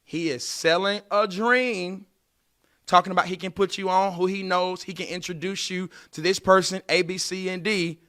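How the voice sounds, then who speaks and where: At a normal speed and with a voice that sits high, a man in his late thirties runs a casual podcast monologue on dating. He's animated and preachy, talking right to the people listening.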